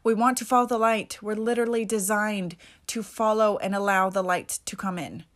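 A woman's voice: medium pitch, steady tone, normal speed. A woman hosting a solo motivational podcast, talking in an emphatic, casual way with mild swearing. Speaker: podcast host.

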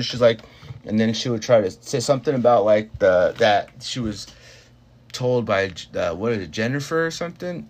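A man's voice: mid-range voice, normal speed. Rambling young man, casual chat. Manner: rambling, full of fillers and restarts, swears freely. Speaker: podcast talker telling a work story.

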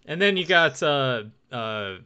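A man's voice: mid-range voice, expressive, slow, pushed and bright, clear, resonant tone, lo-fi sound. A man in a casual podcast chat, jokey, often slipping into goofy quoted voices.

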